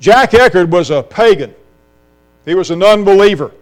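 A middle-aged pastor delivers an impassioned sermon, firing off rhetorical questions. His voice sits high and comes through clean and resonant. A steady mains hum runs underneath the recording. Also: moderate pace. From South Carolina.

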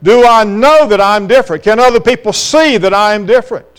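A middle-aged pastor delivers an impassioned sermon, firing off rhetorical questions. His voice sits high and comes through clean and resonant. A steady mains hum runs underneath the recording. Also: fairly quick, clean tone. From South Carolina.

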